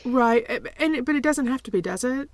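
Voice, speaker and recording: A woman's voice: sits high, animated, moderate pace, dry recording. A woman co-hosting a podcast in casual chat, often hesitant and repeating her words as she thinks aloud. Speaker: podcast co-host.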